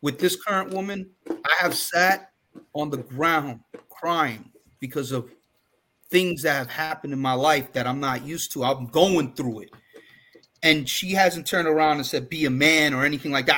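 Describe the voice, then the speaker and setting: A man's voice: a little high, moderate pace. A man co-hosting a podcast, talking earnestly and emphatically in casual discussion. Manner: earnest, emphatic, gets loud and fired up. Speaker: podcast co-host.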